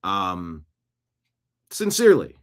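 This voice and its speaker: A man's voice: low voice, wildly swooping pitch, slow. Sarcastic man hosting a political talk show. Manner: sarcastic, rambling, jokey. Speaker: show host. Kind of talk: political commentary monologue.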